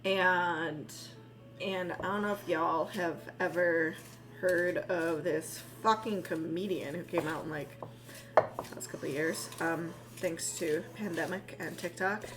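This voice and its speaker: A woman talks her way through a baking stream in a loose, rambling chat, freely sprinkled with swear words. When her dogs come by, she coos at them in a high, soft voice. Music plays clearly underneath her voice. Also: steady tone, slow pace. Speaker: live streamer.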